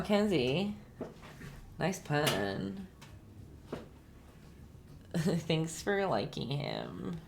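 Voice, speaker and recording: A young woman with a low voice leads a casual live-streamed painting lesson. She chats easily with her viewers, calls them by name and laughs a lot between steps. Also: fairly bright tone. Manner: chatty, laughs often, talks to viewers by name. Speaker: painting instructor. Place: home painting setup.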